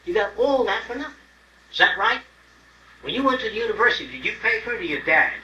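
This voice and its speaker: A man's voice: sits high, sing-song, fast, sharp tone, muffled recording. Blunt, profane older man lecturing. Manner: blunt, profane, acts out other people's voices. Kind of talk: informal lecture to an audience. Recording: roomy, distant mic, faint hiss on an old tape.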